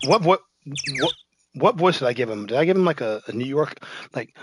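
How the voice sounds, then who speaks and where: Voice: mid-range voice, big pitch swings, a little fast, noisy background. A game streamer chatting through a let's-play, rambling and breaking off mid-thought. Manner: rambling, self-interrupting.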